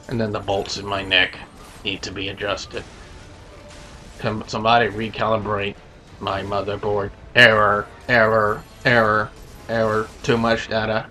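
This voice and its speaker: A man's voice: on the low side, voice pushed down. A man mocking a droning robot-like wrestler. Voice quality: flat droning robotic monotone. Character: dull, stiff male wrestler talking like a robot.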